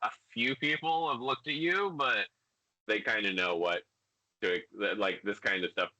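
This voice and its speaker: A man's voice: on the low side, unhurried, pushed and bright. A young man narrating as game master of a tabletop game, loose and full of fillers. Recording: dull lo-fi home recording.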